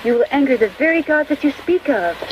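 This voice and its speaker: A woman's voice: high-pitched, lively intonation, fairly quick, muffled recording, a little hiss or hum. An actress in a 1960s western film, playing a woman who warns in a stilted, solemn way. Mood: warning. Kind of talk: 1960s low-budget western film dialogue.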